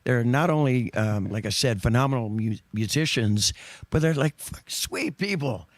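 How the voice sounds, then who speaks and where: A man's voice: mid-range voice, animated, moderate pace, no room sound. A man telling stories in casual chat, rambling and correcting himself, often breaking into laughs. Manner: rambling, self-correcting storyteller with frequent laughs. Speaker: guest singer.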